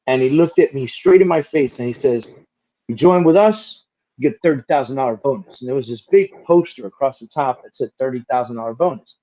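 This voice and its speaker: Lively man telling stories, dull audio. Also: medium pitch. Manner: lively, swears casually, many "like" fillers. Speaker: interview guest. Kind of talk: casual storytelling in an interview.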